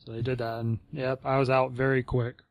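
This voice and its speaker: A man's voice: medium pitch, flat delivery, fairly quick. A man co-hosting a podcast, speaking in a laid-back, plain-spoken way in casual chat. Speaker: podcast co-host.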